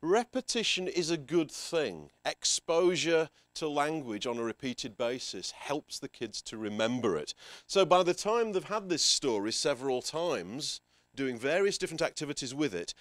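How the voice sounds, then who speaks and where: A man presenting a workshop to a room of teachers, energetic and playful, giving instructions and making quick asides to the audience. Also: a little high, no room sound, clean studio sound. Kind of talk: lively workshop talk to teachers. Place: conference room with a live audience.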